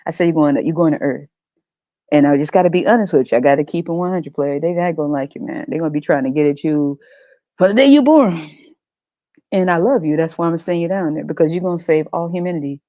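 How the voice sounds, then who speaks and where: A woman's voice: deep voice, quick pace, warm tone, no echo, dull audio, natural voice. A woman voicing a brash, mocking male God who talks in blunt slang, in a comedic podcast skit. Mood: taunting. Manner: swaggering slangy trash talk, teasing and blunt.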